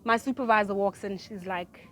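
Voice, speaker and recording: A woman telling a personal story in casual chat. She swings from low mutters to loud outbursts and often laughs as she talks. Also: normal speed, no echo. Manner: laughs through her own story.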